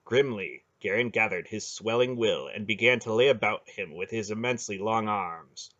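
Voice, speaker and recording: Guy reading a fantasy audiobook, lowish voice, lots of ups and downs, muffled lo-fi recording. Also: lively intonation, normal speed, a bit bright. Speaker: audiobook reader. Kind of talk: audiobook narration. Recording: dull lo-fi home recording.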